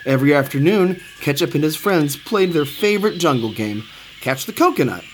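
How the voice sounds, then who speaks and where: Brief: male storyteller, lively children's read-aloud, slightly higher voice, steady background noise. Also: brisk, rough recording. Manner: expressive, sing-song.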